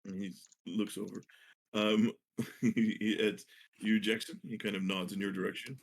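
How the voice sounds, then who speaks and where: A man narrating as game master in a relaxed, loose way with many fillers. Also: fairly low pitch, normal speed, slightly rough.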